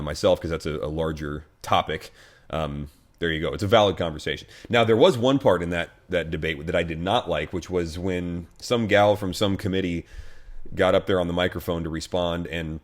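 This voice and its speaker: An American pastor with a deep, low-pitched voice talks through church news in a relaxed, conversational way. He restarts sentences often and leans on fillers, with a dry, wry edge. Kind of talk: casual video commentary.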